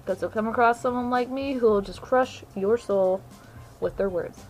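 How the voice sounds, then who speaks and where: A young woman with a fairly high voice rants to the camera, blunt, sarcastic and full of swearing. Faint music plays underneath her. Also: moderate pace, poor audio. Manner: brash, profane, sarcastic trash talk. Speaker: gamer vlogger. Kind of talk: casual ranting monologue.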